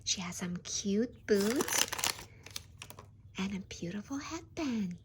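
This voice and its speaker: A woman hosting a toy unboxing in a soft, half-whispered, gushing voice. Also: mid-range voice, animated, slow, heavy background noise. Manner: hushed and gushing.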